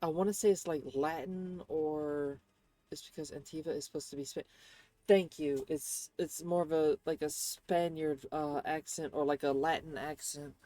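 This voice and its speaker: A woman's voice: deep voice, fairly even intonation, moderate pace, dark tone, no room sound. A woman streaming a game and commenting casually, often rambling and searching for words.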